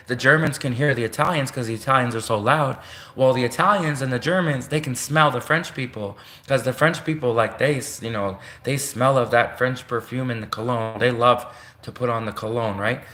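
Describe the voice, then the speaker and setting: This mid-range male voice sounds pushed and bright, bouncing around an echoey room. He's a vlogger from Canada, seated at home at his desk setup, wandering through a loose, casual monologue packed with restarts and asides.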